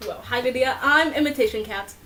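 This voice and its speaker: A gleeful, chaotic male crime fighter in a cat suit, as a young woman puts him on in a role-play game. He talks high and giggly with a put-on accent, as if everything is a joke. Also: brisk, a bit bright, slight background noise.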